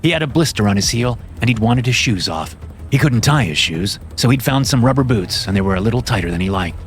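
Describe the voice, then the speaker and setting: A man narrating a horror story in a measured, steady scripted reading. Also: medium pitch, a little hiss or hum.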